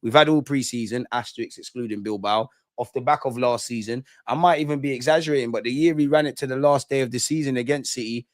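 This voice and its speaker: A man's voice: medium pitch, no echo, clean studio sound. A young man hosting a live football reaction stream, bantering, mocking rival fans and reading chat aloud. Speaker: football fan channel host.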